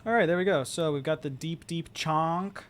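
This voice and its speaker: A man's voice: on the high side, moderate pace, heavy background noise. Guy in the studio talking to himself, jokey and casual, working on songs. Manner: playful, thinking aloud while working. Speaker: band member recording an album. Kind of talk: casual studio vlog talk. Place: recording studio.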